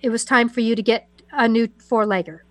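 A woman on a call-in radio show, gently counselling a caller in a soothing, meandering way with many fillers and restarts. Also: fairly high pitch, brisk, dry recording. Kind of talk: gentle spiritual advice to a caller.

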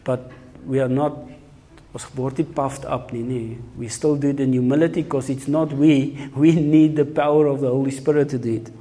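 A man preaching a sermon, emphatic and energetic, switching between two languages. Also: medium pitch, moderate pace.

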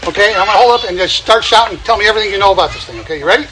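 A man's voice: sits high, racing, a loud crowd. A man preaching outdoors in a folksy, chuckling way, repeating his phrases for emphasis. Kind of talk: outdoor sermon. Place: outdoors among birds. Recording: noisy outdoor recording.

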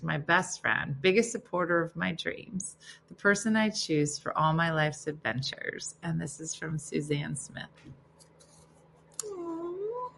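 A woman's voice: fairly low pitch, vocal fry, fairly bright tone. A middle-aged woman hosting a morning show, chatting casually and reading listener valentines, getting emotional and teary. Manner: emotional, tearful, laughing between readings.

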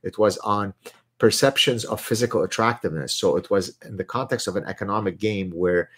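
A middle-aged man hosting a live question session, talking in an animated, digressive way with frequent restarts. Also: fairly low pitch, a little fast, husky. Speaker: host answering viewer questions. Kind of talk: live question-and-answer stream.

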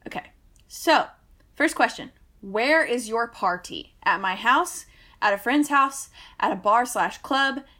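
A woman co-host with a fairly high voice that bounces all over the place. She chats casually and keeps breaking into giggles, and her delivery stays lively and animated throughout. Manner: animated, giggly, quick to laugh. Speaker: podcast co-host. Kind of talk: casual chat.

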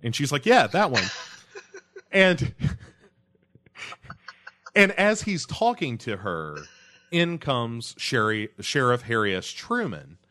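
A man's voice: mid-range voice, big pitch swings, slow, pauses often, sharp tone. A man, recapping a TV episode in a casual podcast chat, rambling with many fillers. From United States. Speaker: podcast co-host.

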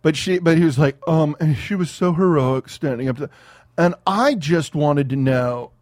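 A man co-hosting a casual podcast chat, animated and swearing freely, often mimicking other people's voices. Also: a little high, moderate pace, no room sound, studio quality. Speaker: podcast co-host.

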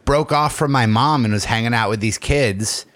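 A man's voice: mid-range voice, moderate pace, a bit bright, dry recording. A young man co-hosting a podcast, joking and teasing as he tells stories in casual chat.

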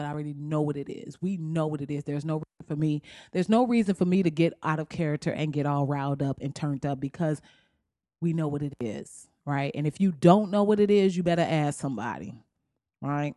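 A woman's voice: low voice, quick pace, dark tone, no echo, studio quality. A woman hosting her own podcast, ranting bluntly and profanely in a heated, casual way. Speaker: podcast host. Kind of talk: solo podcast rant.

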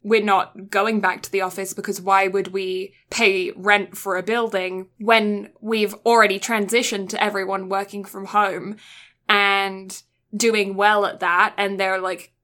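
Bright-toned woman, chatty and teasing. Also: medium pitch, level tone, measured pace. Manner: chatty, tangent-prone, teasing. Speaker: podcast co-host. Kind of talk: casual chat.

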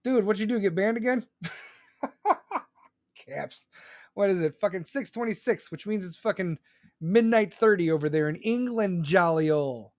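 Male podcast host, high voice, rambling profane rant, dry close mic. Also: lively intonation, measured pace, pauses often, no room sound. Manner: loud, profane and rambling, with sudden pitch jumps. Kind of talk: live podcast venting monologue. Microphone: close studio microphone.

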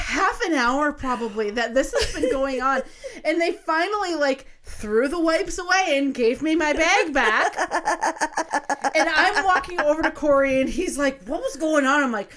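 A woman co-hosting a casual podcast spins a long anecdote, acting out her own lines and dropping swear words freely. Her voice sits a little higher than most women's. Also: measured pace. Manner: animated storyteller, swears freely, acts out what she said. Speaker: podcast co-host. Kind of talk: casual chat, storytelling.

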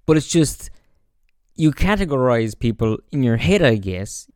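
A man's voice: mid-range voice, sing-song, a little slow, a little mellow, no echo, studio quality. A man hosting his own podcast, talking through his thoughts in a rambling, reflective way full of fillers and restarts, into a podcast microphone. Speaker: podcast host. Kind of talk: casual reflective monologue.

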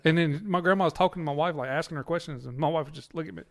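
A man telling a story in casual chat, relaxed and unhurried. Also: on the high side. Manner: relaxed, drawn-out storytelling with laughs.

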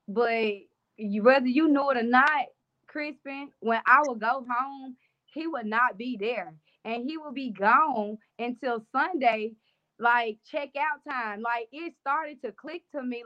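A woman's voice: on the high side, measured pace, highs cut off. Woman, candid storytelling. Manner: casual, conversational, trailing fillers. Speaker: interview guest.

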